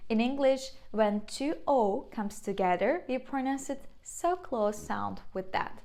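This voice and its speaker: A young woman with a Turkish accent teaches beginners, speaking slowly and patiently. Her voice sits a little high, and she repeats each sound carefully as she demonstrates it. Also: lively intonation. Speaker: language teacher. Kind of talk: beginner language lesson.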